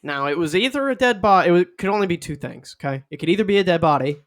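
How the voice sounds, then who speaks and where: A young man co-hosting a podcast tells a long, rambling story in a fairly high voice. He is jokey and casual, and he acts out other people's lines in a squeaky tone. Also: expressive, fast talker, fairly bright tone. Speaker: podcast co-host.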